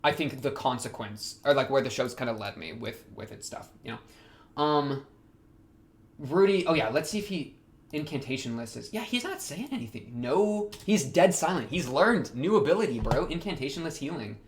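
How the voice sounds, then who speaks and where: A young man hosting an anime reaction, talking casually in a rambling, slangy way with excitable outbursts. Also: mid-range voice, normal speed.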